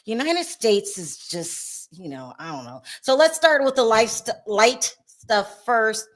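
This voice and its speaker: A woman's voice: on the high side, big pitch swings, unhurried. A woman hosting a casual chat show, talking loosely and laughing often. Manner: chatty, laughs often, trails off. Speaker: host.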